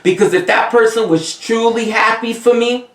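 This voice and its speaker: A man's voice: very high-pitched, fairly even intonation, moderate pace, fairly bright tone. Emphatic Haitian man, distant and roomy. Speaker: vodou priest. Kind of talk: casual spiritual advice monologue. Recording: roomy sound, distant from the mic.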